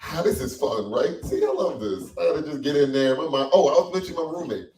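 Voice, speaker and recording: A man performing a stand-up comedy set in a small cafe, animated and loose, acting out quoted voices. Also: on the high side, fast, slight background noise. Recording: echoey room from far off.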